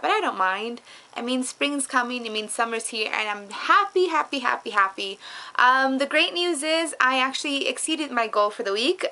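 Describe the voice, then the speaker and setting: Middle-aged woman vlogger, effusive and chatty, with a bright, somewhat high voice. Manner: bubbly and effusive, repeats words for emphasis. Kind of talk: casual upbeat weight-loss update vlog.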